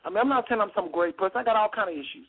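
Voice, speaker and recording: In rapid-fire bursts, a high-pitched American radio host argues with callers on a heated call-in show, hammering his points by repeating phrases. The recording has a tinny, phone-line radio quality.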